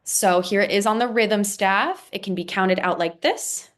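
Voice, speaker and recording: A woman's voice: medium pitch, measured pace. A woman teaching a beginner music lesson, patiently explaining and counting rhythms aloud. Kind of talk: instructional explainer video.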